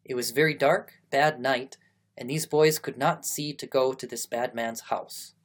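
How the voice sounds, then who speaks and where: A man's voice: medium pitch, fairly even intonation, unhurried, lightly acted. A man voicing a polite, eager Japanese schoolboy in a stilted period-drama accent. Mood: earnest.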